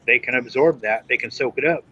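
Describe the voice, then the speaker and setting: Mid-pitched male co-host, animated storyteller, dull stream sound with faint hiss. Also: brisk. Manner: animated, mimics others' lines. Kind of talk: casual storytelling chat. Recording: muffled lo-fi stream audio.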